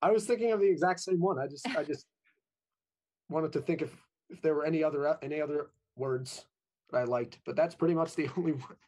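Young male actor guest, fast talker, husky, pitched a bit high. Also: darkish tone. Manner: brief, modest, with restarts. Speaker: stage actor. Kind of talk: interview guest.

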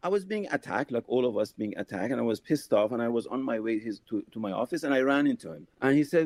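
A male author being interviewed, telling memories in lively fashion with many fillers and restarts. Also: medium pitch, fast, few pauses, dry recording. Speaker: author and guest. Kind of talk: reflective interview conversation.

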